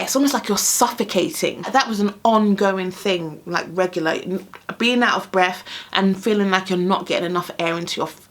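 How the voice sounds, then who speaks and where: A woman talks casually to her camera as a pregnant vlogger. She is often a little out of breath and keeps the chat lively with frequent laughs. She plays out the voices of the people in her stories. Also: medium pitch. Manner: animated storyteller, laughs often, acts out quoted voices. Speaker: vlogger sharing pregnancy experiences.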